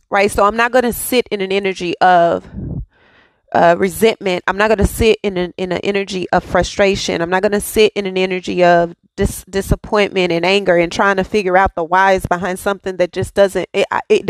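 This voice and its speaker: A woman's voice: mid-range voice, steady tone, a little fast, no room sound. A woman hosting a daily devotional, speaking with fervent, repetitive affirmations and casual asides to her listeners. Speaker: devotional host.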